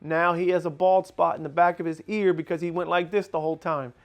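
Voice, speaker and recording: A man explains things with insistent, lecturing emphasis, acting out little scenes as he goes. His voice sits fairly high for a man. The delivery is casual podcast chat. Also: fairly even intonation, brisk, a little hiss or hum. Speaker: podcast co-host, dog breeder.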